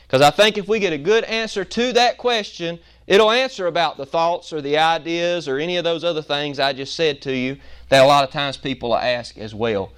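A man preaching a Sunday sermon in church, repeating and stressing key words with pauses for emphasis. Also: a little high, a bit bright, clear, resonant tone. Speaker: pastor. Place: church sanctuary.

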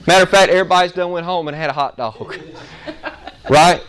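A man preaching a sermon, telling a folksy story and acting out its scenes with lively energy. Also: sits high, moderate pace. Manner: animated, folksy, acts out the story.

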